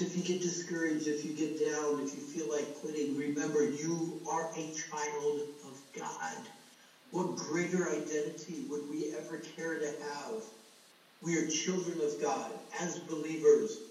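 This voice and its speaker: Middle-aged male preacher, earnest storyteller, mellow voice, booming hall echo, heard from a distance. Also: unhurried, a little hiss or hum. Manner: storytelling, earnest, addresses the congregation as folks. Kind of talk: sermon. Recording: echoey hall, voice from far off.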